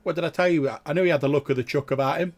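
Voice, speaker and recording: Man voicing a gossipy ferryman, chatty and rambling, pitched a little above his own voice, slightly husky. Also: rapid-fire. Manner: chatty, rambling, full of fillers. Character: gossipy middle-aged male ferryman.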